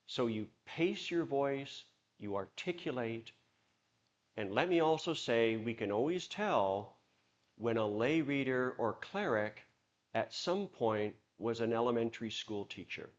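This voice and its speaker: A man leading a church workshop, talking to the audience with lively examples. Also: mid-range voice, muffled recording. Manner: animated, acts out examples in put-on voices. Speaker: workshop leader.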